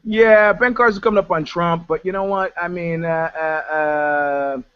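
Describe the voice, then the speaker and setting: A man's voice: on the high side, steady tone, unhurried, smooth. A man telling rambling, profane stories in a casual panel chat, with many restarts. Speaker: show contributor and musician. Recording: dull, dry lo-fi audio.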